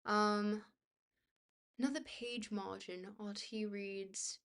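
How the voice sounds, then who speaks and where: A woman's voice: mid-range voice, steady tone, fairly bright tone, clear, resonant tone. Woman streamer reading a book aloud. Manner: reads aloud haltingly, tripping over long words, chatty asides to viewers. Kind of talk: livestream book reading with chat asides.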